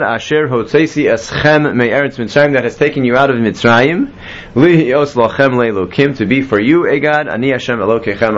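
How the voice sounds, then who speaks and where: A man's voice: medium pitch, normal speed, dull audio. A man teaching a classroom Bible lesson, explaining step by step and quizzing his students. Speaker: Torah teacher.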